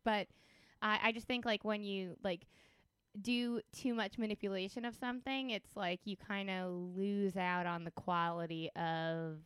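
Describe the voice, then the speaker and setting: A relaxed woman co-hosting a casual podcast, wry and musing as she talks things through. Her voice is smooth and clear, close on a dry mic. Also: mid-range voice, a little slow, dry recording. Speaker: podcast co-host. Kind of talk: casual chat.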